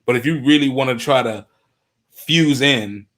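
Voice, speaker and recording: A man from the US East Coast, chatting as a roundtable guest, halting and searching for words with many fillers. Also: medium pitch, fairly bright tone, a little hiss or hum. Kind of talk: casual chat.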